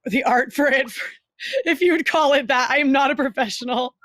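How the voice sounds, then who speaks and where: A woman with a fairly high voice talks as a podcast guest, chatty and open, scattering ums and you-knows as she goes. The sound is dry and close, with no room around it. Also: normal speed, a bit bright, no room sound. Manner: chatty and candid, with many fillers. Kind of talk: casual chat.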